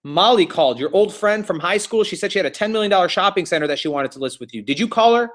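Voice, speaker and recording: Male instructor playing a frazzled office receptionist woman, apologetic and rushed, voice pushed higher. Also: animated, fairly bright tone. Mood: anxious. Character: flustered female real estate receptionist.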